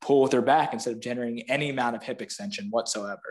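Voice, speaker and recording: A man chats as a podcast guest with an everyday, mid-pitched voice. His talk is loose and rambling, packed with "like" as he explains things on a close mic. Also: very fast, darkish tone. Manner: rambling, heavy use of "like". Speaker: guest, physical therapist. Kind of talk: casual podcast chat.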